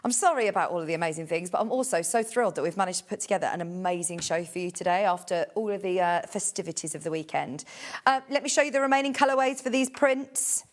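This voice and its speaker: A woman's voice: lowish voice, fast talker. Gushing woman presenting live sales. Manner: gushing, enthusiastic, chatty. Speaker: shopping channel presenter.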